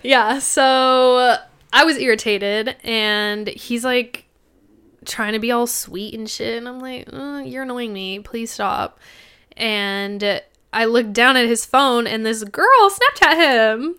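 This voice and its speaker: A young woman tells a story on a casual podcast, her voice bright and crisp. She sits a little higher in pitch than most women. She swears freely and acts out what others said. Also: slow pace. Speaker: podcast co-host.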